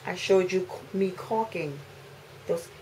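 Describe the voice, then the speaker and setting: A woman, ranting to camera as a mother, indignant and repeating phrases for emphasis, swinging between loud outbursts and low, weary lines. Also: measured pace, slight background noise, rough recording. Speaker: mother making a video complaint. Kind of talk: emotional rant to camera.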